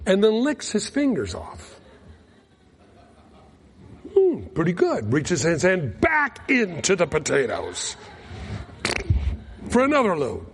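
A man preaching a sermon, telling a folksy mission story with lively acted-out quotes. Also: high voice, slow, long pauses, slightly rough. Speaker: pastor. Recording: long reverb of a large hall.

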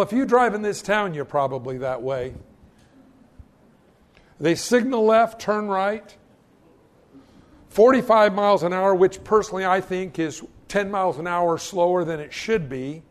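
High-voiced pastor preaching with lively humor. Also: male voice. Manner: animated storytelling with self-mocking humor and stammered restarts. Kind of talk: sermon.

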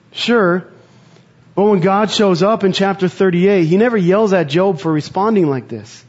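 A man preaching a sermon in an earnest, conversational way, pausing to reflect. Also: high-pitched, darkish tone, highs cut off. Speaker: pastor.

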